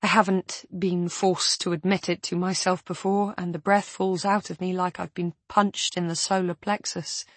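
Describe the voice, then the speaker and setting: Breathy female audiobook narrator, quiet and strained, dry close sound. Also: on the low side, flat delivery, normal speed, few pauses, no room sound.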